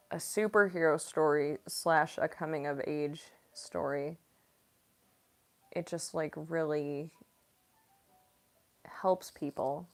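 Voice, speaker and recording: A woman's voice: low-pitched, vocal fry, darkish tone. A woman voice actress chatting casually on a livestream, reading viewer comments and rambling with lots of filler words. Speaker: voice actress and streamer.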